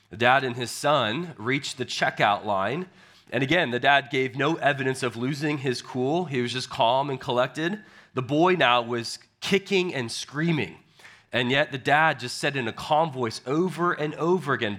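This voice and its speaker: Pastor, male, bright clear voice, chatty sermon delivery with frequent restarts. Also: mid-range voice, moderate pace. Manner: conversational storytelling preacher, frequent word repeats. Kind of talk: sermon with opening prayer.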